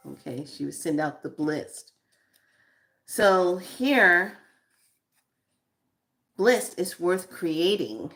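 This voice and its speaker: Woman, spiritual guide, card reading, journal prompts, very slow, reflective, repeats questions. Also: on the low side, animated, fairly bright tone.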